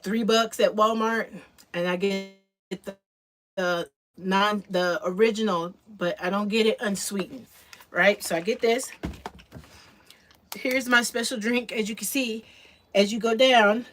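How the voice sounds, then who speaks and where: Slightly breathless, a woman makes a drink in her kitchen at home and talks easily with viewers on her livestream. She speaks a little slowly in a steady, fairly bright mid-range voice, leaving long pauses. A noticeable noisy background sits under her speech.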